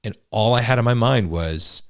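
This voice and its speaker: A man's voice: mid-range voice, normal speed, clear, resonant tone, dry recording, studio quality. A man co-hosting a marriage podcast, explaining in an earnest casual way, often restarting his sentences. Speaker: podcast co-host, husband. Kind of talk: casual chat.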